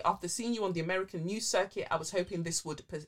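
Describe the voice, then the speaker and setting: A woman podcast co-host casually reading listener letters aloud, animated, with frequent fillers and swearing. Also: on the low side, quick pace, few pauses.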